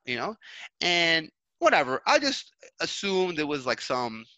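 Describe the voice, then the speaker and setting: A man from New York City telling stories in casual chat, animated, with lots of fillers, restarts and swearing. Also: a little high, moderate pace, no room sound, muffled recording.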